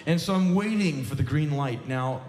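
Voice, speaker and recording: A man's voice: a little high, lively intonation, normal speed, crowd noise. A man performing a profane, sarcastic live stand-up monologue on a theater stage. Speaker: spoken word performer. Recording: echoey live theater recording.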